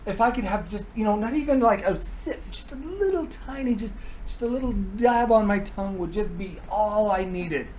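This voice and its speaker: A man voicing a scheming male god who pleads in a slow, breathy, wheedling drawl. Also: on the high side, lively intonation, a little mellow, a little hiss or hum, close to an everyday voice, poor audio.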